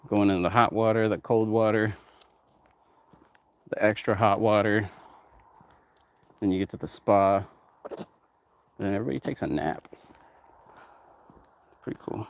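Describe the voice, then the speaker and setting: Speaking a bit slowly and leaving long pauses, a producer and label owner with a fairly low voice rambles through loose, casual talk. He runs a music production company, hops between topics, and swears freely.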